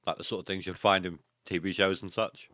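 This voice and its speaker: A man from Britain talks in a low, measured way on a livestream, explaining things calmly. A faint background noise runs under his voice. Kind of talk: casual chat.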